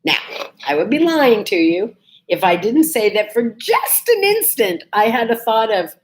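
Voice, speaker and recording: In her casual morning vlog, a woman who's a little under the weather recounts a personal story in a lively, talkative way. Her pitch is fairly high and her pace measured.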